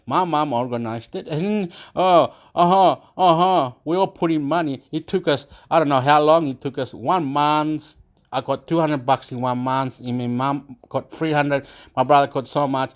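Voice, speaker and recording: A man tells a family story in a loose, rambling way and keeps circling back to the same points. His voice sits a little high for a man, and he swears casually as he goes. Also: moderate pace.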